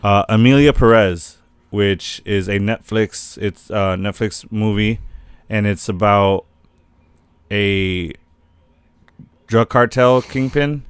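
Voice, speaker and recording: Man, lowish voice, casual podcast chat, profane and loose, dry close sound. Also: smooth, no echo. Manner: loose and profane, quick asides. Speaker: podcast co-host.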